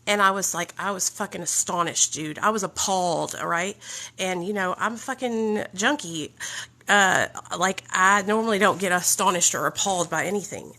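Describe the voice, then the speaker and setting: Blunt Southern woman, bright gravelly voice. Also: medium pitch, normal speed. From Southern United States. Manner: blunt, profane, animated. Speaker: vlogger telling a recovery story. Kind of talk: candid storytelling.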